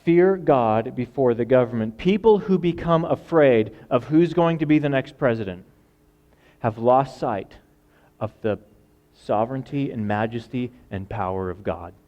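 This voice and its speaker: A male pastor preaching a sermon, acting out voices and swinging from loud outbursts to hushed lines. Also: medium pitch, expressive, unhurried, muffled recording. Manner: dramatic, acts out quoted voices, swings from loud to quiet.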